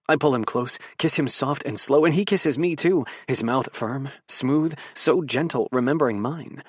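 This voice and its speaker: A man narrating a romance audiobook in the first person, soft and intimate in delivery. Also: mid-range voice, moderate pace, hardly any pauses, breathy edge, no echo, clean studio sound.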